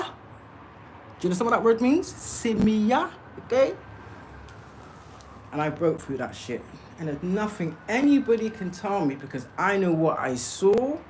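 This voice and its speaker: A spiritual livestreamer with a fairly low-pitched voice speaks directly to her viewers in a casual monologue, emphatic and insistent, often checking in with "okay?" and "yeah?". The recording is rough, with a little hiss or hum.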